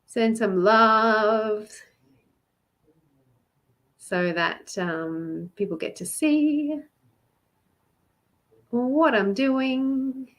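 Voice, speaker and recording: A woman's voice: on the high side, extremely slow, long pauses, fairly bright tone. A chatty woman with an Australian accent, doing a live card reading for love, greeting viewers by name and laughing often. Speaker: love coach and card reader.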